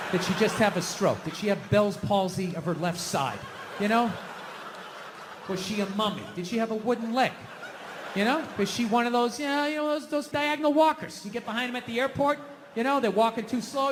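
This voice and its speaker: A middle-aged man doing a stand-up comedy set on stage, ranting loudly and swinging from low mutters to yells. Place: comedy stage in a large venue. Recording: reverberant hall, faint noise.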